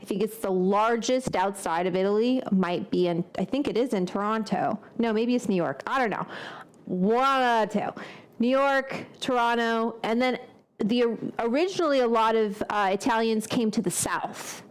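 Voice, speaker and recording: A woman's voice: a little high, normal speed, clear, resonant tone. A woman hosting a casual cooking vlog, rambling and thinking aloud as she chats. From United States. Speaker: cooking show host.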